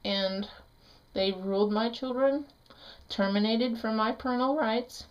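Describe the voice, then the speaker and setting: A middle-aged woman vlogging a painful personal story, her speech halting and raw, with restarts and the odd curse. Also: on the high side, highs cut off. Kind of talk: emotional personal story vlog.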